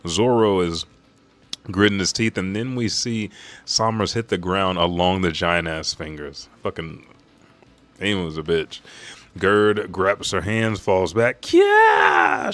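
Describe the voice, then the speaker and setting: A man hosting a live read of a comic chapter, recapping the action in a casual, dramatic way. He swears freely and jumps into loud, high shouts for the characters.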